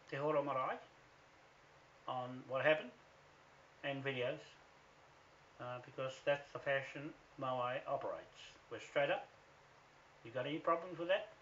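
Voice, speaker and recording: A man with a New Zealand accent delivers a defiant, accusatory rant straight to camera. His voice is forceful and tense, and he swears freely. The recording sounds dull and lo-fi. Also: mid-range voice, slight background noise. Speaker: activist vlogger. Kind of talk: angry direct-to-camera rant.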